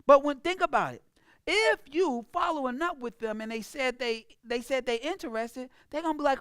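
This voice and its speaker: Emphatic high-voiced woman coaching sales. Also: normal speed, fairly bright tone, clear, resonant tone, no room sound, clean studio sound. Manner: emphatic, preachy, acts out clients in a mocking voice. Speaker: business coach. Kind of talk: motivational sales talk.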